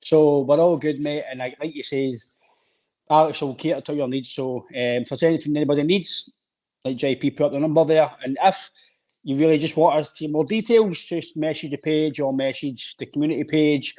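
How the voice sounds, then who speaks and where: A man's voice: on the high side, steady tone, a little fast, dark tone. Laid-back Scottish man bantering. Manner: laughs easily, friendly banter. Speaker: podcast co-host. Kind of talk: casual live podcast chat.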